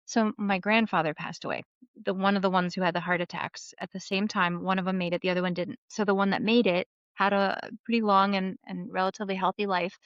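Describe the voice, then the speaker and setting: A woman in her thirties, a guest on a podcast, telling a family story in an animated, casual way. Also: mid-range voice, fairly quick, clean tone, no room sound. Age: 30s. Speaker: podcast guest, memoir author. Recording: dull lo-fi sound, dry.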